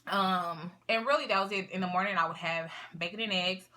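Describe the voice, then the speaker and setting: Bright-voiced chatty young woman vlogger. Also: fairly low pitch, a little fast. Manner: chatty, rambling, lots of fillers and asides. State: sniffling. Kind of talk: casual talk to camera.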